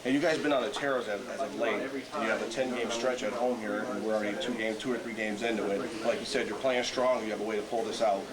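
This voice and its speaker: A man's voice: lowish voice, steady tone, quick pace, few pauses, poor audio. A man hosting a sports show, doing a friendly interview outdoors at a ballpark. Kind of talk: sideline interview. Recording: loud crowd behind.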